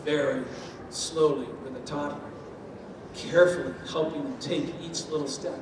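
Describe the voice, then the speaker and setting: Man, high voice, animated speaker on stage, heard from far off in a big hall. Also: moderate pace, noisy background. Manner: lively, uses homely food analogies and acted-out quotes. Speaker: speaker on step parenting. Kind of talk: talk with audience. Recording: echoey hall from far off, faint ambience.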